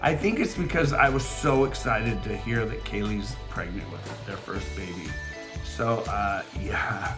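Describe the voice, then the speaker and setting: A man talks through a relaxed home vlog intro at an unhurried pace, with a quiver in his voice. He rambles, full of fillers and restarts, at a middling pitch. Soft music plays faintly behind him. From California. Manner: rambling, warm-hearted, many fillers. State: voice quivering with emotion. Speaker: beading channel host. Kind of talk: casual chatty vlog intro. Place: home, near a fountain and wind chimes.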